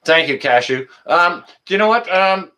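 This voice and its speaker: A man from Canada hosting a live stream and taking calls, chatting casually with excited outbursts and lots of filler words. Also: high voice, normal speed. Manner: excitable, loud exclamations, many fillers. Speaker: livestream host.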